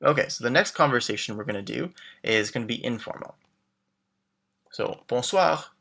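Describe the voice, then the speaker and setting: A man teaching a beginner language lesson, modeling phrases slowly and clearly, then glossing them and prompting the learner to answer. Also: mid-range voice, expressive, bright, forceful tone. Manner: clear, slow modeled pronunciation with English glosses. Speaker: French teacher.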